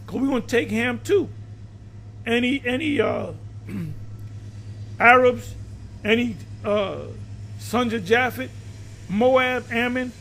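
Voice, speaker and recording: A man's voice: extremely high pitch, a bit bright, a little hiss or hum. A man preaching in a combative, profane rant, stumbling over and repeating his words. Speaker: religious teacher.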